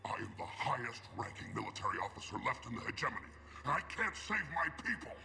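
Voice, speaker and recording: An actor playing a bitter alien terrorist commander with a menacing, hissing delivery. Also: male voice, medium pitch, sing-song, fast talker, gravelly, pushed and bright, full character voice.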